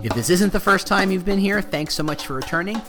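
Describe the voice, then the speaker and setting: A man's voice: high voice, brisk, music in the background. A man hosting a solo podcast, talking in a joking, rambling, self-deprecating way. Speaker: podcast host.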